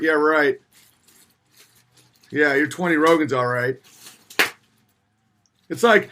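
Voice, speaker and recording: Hosting a casual livestream, a man in his thirties reads messages from viewers out loud and answers with sarcasm. He alternates mocking voices with low mutters, his tone bright and forceful, and there's a slight hiss or hum in the audio.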